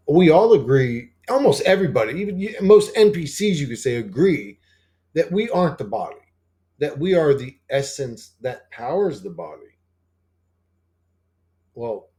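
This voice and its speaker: A man rambling casually as a channel host, swearing often and full of fillers and restarts. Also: dark tone. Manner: acts out quoted dialogue in a higher voice.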